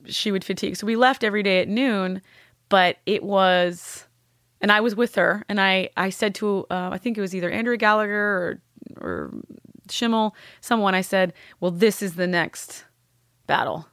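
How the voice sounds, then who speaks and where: A woman's voice: medium pitch, expressive, fairly bright tone, dry recording, studio quality. Candid woman telling a hard story. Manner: candid, halting, swears freely. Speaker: podcast guest. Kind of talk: emotional personal storytelling.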